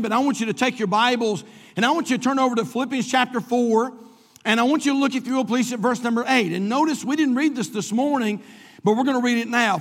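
A man's voice: very high voice, a bit bright. A man preaching a sermon as pastor, stretching out key words for emphasis. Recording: long reverb of a large hall.

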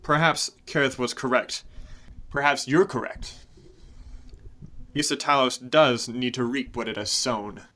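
A man's voice: medium pitch, fairly even intonation, moderate pace, lightly acted. A man doing a furious proud elf elder. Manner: furious demanding, loud. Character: proud angry male elf elder of old lineage.

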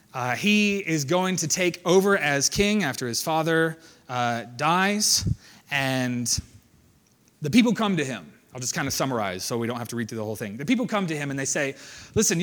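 A man teaching a sermon in a relaxed, conversational way, loosely paraphrasing scripture with fillers and asides. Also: on the high side. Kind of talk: sermon, casual Bible teaching.

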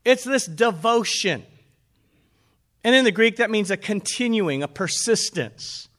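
A man's voice: sits high, lively intonation, unhurried, a bit bright. A man preaching a conversational sermon as pastor, asking his listeners rhetorical questions.

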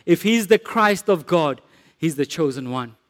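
A man's voice: a little high, animated, measured pace. A man with a South African accent preaching a sermon, earnest and rising to emphatic declarations. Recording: echoey hall with long reverb.

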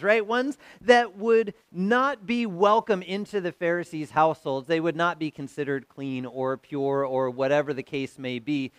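A man preaching with a notably high-pitched voice, retelling stories and slipping into the characters' voices as he goes. The sound is dry and close, with no room echo. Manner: storytelling, acts out quoted voices. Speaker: pastor. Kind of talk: sermon.

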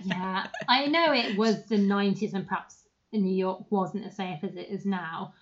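Woman, mid-pitched voice, casual podcast banter, dull lo-fi recording. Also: moderate pace, crowd noise. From Britain. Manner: chatty, laughs often, asks rhetorical questions. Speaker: podcast co-host. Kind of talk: casual chat. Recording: dull lo-fi sound.

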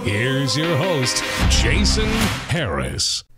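A podcast host putting on a booming radio announcer voice to open his show. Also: big pitch swings. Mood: grand. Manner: booming, drawn-out announcer delivery. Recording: loud intro music behind.

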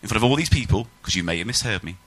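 A man's voice: lowish voice, animated, very fast, fairly bright tone, voice pushed down. Eccentric male lecturer, theatrical showman questioning, as a man plays him.

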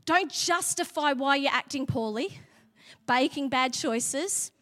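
A high, bright woman preaches in a church hall, and her voice carries a long reverb tail. She tells her story in a chatty way with little laughs, then pushes into emphatic, fervent preaching. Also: takes it slowly. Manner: conversational, laughing asides, building to emphatic preaching. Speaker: pastor. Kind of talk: sermon with personal story.

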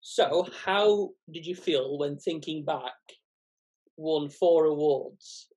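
Man co-host, slightly husky and a little high, reads a news clip. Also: slow pace, a little mellow, poor audio. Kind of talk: casual chat.

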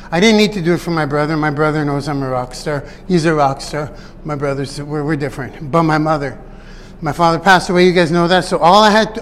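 A high-voiced man talks straight to his viewers like a business coach, rambling through side stories and chuckling at himself. His voice rings out with a long reverb trailing behind it. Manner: chatty, digressive, laughs at his own stories. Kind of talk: casual motivational talk to viewers.

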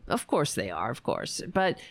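A woman hosting a political talk show, speaking indignantly and profanely, with many halting restarts. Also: rumbling low, huge pitch swings, no room sound. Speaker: podcast host.

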